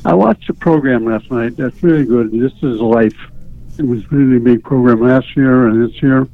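A man calling in to a radio show, speaking candidly and haltingly with frequent stammers. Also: medium pitch, no echo. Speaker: caller. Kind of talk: call-in radio conversation. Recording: phone line.

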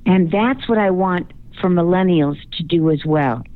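A woman coach talks down a thin, phone-like line, her voice sitting a little low. She makes her points with emphatic, coaching confidence, like a guest on a radio interview. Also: moderate pace. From Chicago, US.

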